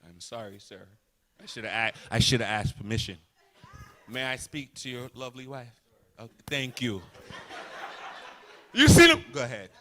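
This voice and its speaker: A man doing stand-up comedy on a live stage, teasing the crowd loudly and then dropping into hushed asides. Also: medium pitch, very animated, normal speed, pauses often, slight background noise. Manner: loud, teasing, swings from shouting to hushed asides.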